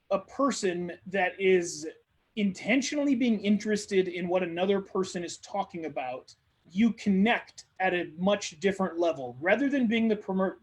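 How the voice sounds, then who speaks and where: A man hosting a live webinar who coaches on networking in an energetic, conversational way and acts out sample dialogues. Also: sits high. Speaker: marketing coach, webinar host.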